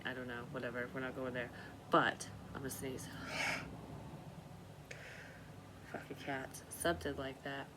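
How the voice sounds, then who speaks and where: A woman's voice: rumbling low, background noise. A woman vlogging in a rambling, profane monologue, talking to herself and now and then dropping into a whisper. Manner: profane, scattered, talks to herself, drops into whispers. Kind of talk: rambling psychic vlog monologue.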